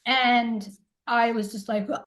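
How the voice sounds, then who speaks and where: A woman's voice: on the high side, moderate pace, poor audio. A middle-aged woman telling a personal story in a casual interview, rambling with lots of fillers and acting out what people said. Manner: rambling, filler-heavy storytelling, acts out quoted dialogue. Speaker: interview guest, intuitive coach.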